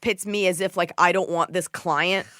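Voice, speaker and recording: A woman's voice: lowish voice, fairly even intonation, normal speed, fairly bright tone, no room sound, clean studio sound. A woman hosting a podcast in a casual comedic chat, telling stories animatedly, acting out quotes and swearing freely. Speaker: podcast host.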